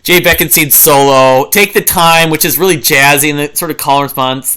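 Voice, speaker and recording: Man, forties, music reviewer; bright, forward tone, rambling and enthusiastic, hums riffs. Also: fairly high pitch, a little fast, hardly any pauses, clean tone. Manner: rambling and enthusiastic, many fillers and restarts; hums and sings riffs to illustrate. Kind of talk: casual album review monologue.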